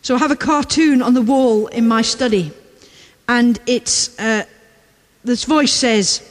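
A high-voiced woman delivers a sermon at an unhurried pace, repeating key lines for weight. Her voice rings out with the long reverb of a large church. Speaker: preacher.

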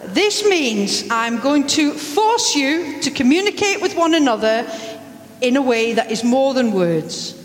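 A woman minister giving a lively, playful sermon, acting out examples for her congregation. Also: high-pitched, unhurried. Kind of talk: sermon with audience participation. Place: church hall. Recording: echoey church hall.

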